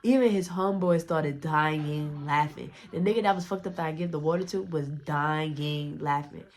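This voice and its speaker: A woman's voice: deep voice, moderate pace. A young woman telling a story to her vlog audience in a casual, profane, rambling way, restarting her sentences often. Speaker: storytime vlogger.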